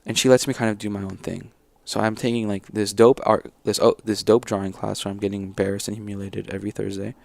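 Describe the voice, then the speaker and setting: A man's voice: on the low side, little pitch movement, fast, vocal fry, hardly any pauses, darkish tone. A man telling his story casually as an interview guest, rambling and acting out what his teachers said. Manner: rambling, acts out teachers' lines.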